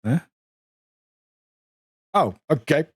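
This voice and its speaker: A man's voice: a little high, expressive, extremely slow, husky, no echo, studio quality. A man streaming a game, chatting casually and giggling as he stumbles through reading text aloud. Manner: giggly, stumbles over words and restarts readings.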